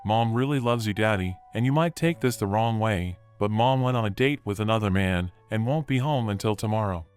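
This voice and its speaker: A man's voice: lowish voice, a little fast, few pauses, a little mellow, smooth, faint music behind, close to an everyday voice. Man voicing a tearful pleading young daughter. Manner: pleading, apologetic.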